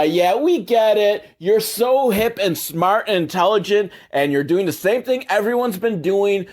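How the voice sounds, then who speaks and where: A man's voice: high-pitched, expressive, unhurried, hardly any pauses. A man host sarcastically recapping a movie, swearing a lot and mocking the characters in put-on voices. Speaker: comedy podcast host.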